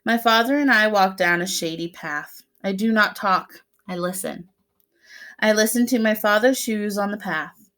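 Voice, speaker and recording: A preschool teacher, a young woman with a clear, bright, medium-pitched voice, reads a picture book to little children at normal speed. Like a gentle teacher, she stops to explain the pictures and ask questions, and she playfully imitates the story's sounds.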